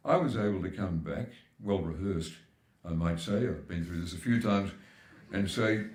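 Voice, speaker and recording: A man's voice: sits low, expressive, moderate pace, a little mellow, echoey room. An older Australian man giving a keynote speech at a public forum, emphatic and building his points with repetition. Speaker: keynote speaker. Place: large hall at a live forum.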